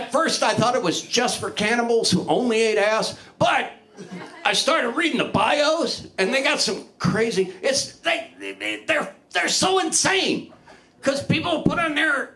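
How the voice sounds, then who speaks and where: Performing open mic stand-up in a small club, a middle-aged man with a very high-pitched voice keeps things loose and crude. He pokes fun at himself and yells out his punchlines.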